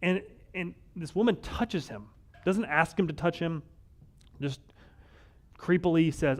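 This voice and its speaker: A male pastor giving a conversational sermon, wry and animated, often acting out the lines of the people in the story. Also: fairly high pitch, measured pace, pauses often. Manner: conversational, wry, acts out quoted voices.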